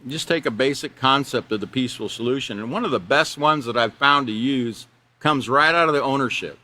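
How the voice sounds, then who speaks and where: A man's voice: medium pitch, fairly quick, bright, forceful tone. A man leading an online teacher training class, talking loosely with restarts and laughing at his own examples.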